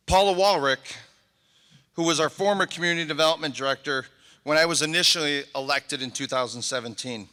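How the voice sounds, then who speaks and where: A man's voice: fairly high pitch, sharp tone. A middle-aged man, a mayor, giving a heartfelt and emotional inauguration speech, thanking people one by one. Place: large convention hall. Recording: echoey convention hall.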